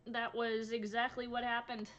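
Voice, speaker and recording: Woman vlogger, exhausted and giggly, loose rambling chat, crisp bright tone. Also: on the high side, level tone, moderate pace, muffled recording, a little hiss or hum. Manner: tired, rambling, laughs often. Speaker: crochet vlogger. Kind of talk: casual chat to camera. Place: home room.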